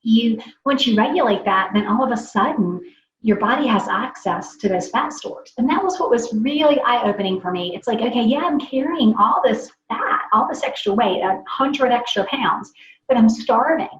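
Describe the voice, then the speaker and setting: A woman's voice: a little high, moderate pace. Upbeat woman, roomy lo-fi sound. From American South. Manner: animated, enthusiastic storytelling. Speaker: guest. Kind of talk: casual podcast chat.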